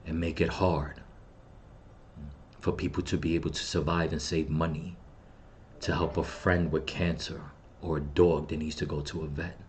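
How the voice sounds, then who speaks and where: Low-voiced middle-aged guy venting, grieving and cussing, a bit of background hiss. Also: flat delivery, moderate pace. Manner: grieving, bitter, profane ranting. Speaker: channel host. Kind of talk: angry personal vlog rant.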